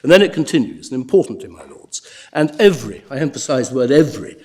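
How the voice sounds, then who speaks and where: A man speaks as a barrister before the bench in a courtroom. His delivery is formal and deliberate, with frequent repeated words as he restarts his phrases. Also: medium pitch, animated, a little mellow. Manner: measured, with frequent stammered restarts. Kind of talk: formal legal submissions.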